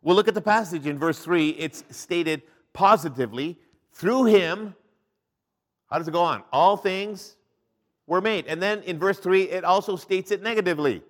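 A male pastor preaching a sermon, reading scripture aloud and swinging between loud emphasis and hushed, low drops. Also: moderate pace.

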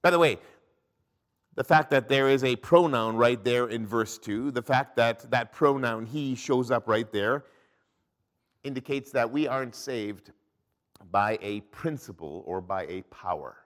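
A male pastor preaching a sermon, reading scripture aloud and swinging between loud emphasis and hushed, low drops. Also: unhurried.

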